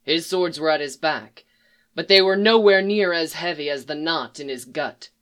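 A reader narrating a dark fan fiction story in a measured, solemn way. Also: medium pitch.

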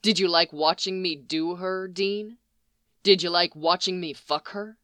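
A narrator reading a brusque, commanding young man in a low, murmured voice, without a big change from their own voice. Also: fairly even intonation, measured pace, fairly bright tone, dry recording, lightly acted. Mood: hushed. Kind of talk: audiobook reading of fan fiction.

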